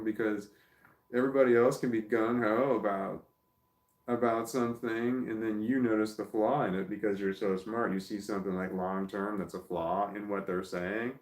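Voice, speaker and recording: A man's voice: fairly low pitch, fairly even intonation, normal speed, a little mellow, roomy sound. A man talking casually into his phone at home, rambling and swearing, with many restarts. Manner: rambling, profane, lots of restarts. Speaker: vlogger.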